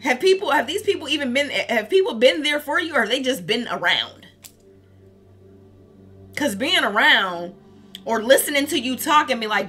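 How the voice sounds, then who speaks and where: A woman's voice: sits high, lively intonation, moderate pace, long pauses, sharp tone, breathy edge, soft background music. A woman giving a casual tarot reading, candid and profane, laughing often as she talks. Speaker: tarot reader.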